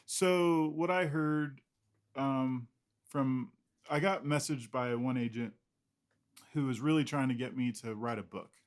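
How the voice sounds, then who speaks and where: A man's voice: mid-range voice, measured pace. A man, an illustrator guest in an interview, talking casually in a rambling, self-deprecating way with frequent laughs.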